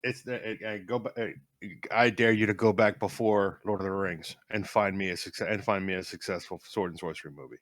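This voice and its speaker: A man's voice: deep voice, fairly even intonation, a little fast, a bit bright, no echo. A man chatting casually on a podcast, blunt and emphatic, with frequent swearing. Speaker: podcast co-host. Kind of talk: casual chat.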